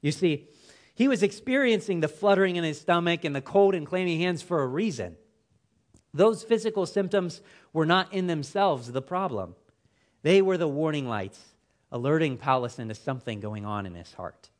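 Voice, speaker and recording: A man preaching a sermon, with an expressive, emphatic delivery whose phrases fall away at the ends. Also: a little high, normal speed.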